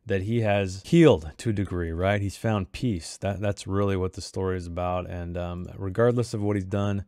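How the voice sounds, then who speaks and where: A man's voice: sits low, steady tone, moderate pace, mellow, dry recording, studio quality. A man talking casually about a short story he wrote, thinking aloud with many restarts. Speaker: author discussing his own short story. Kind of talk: casual commentary on his writing.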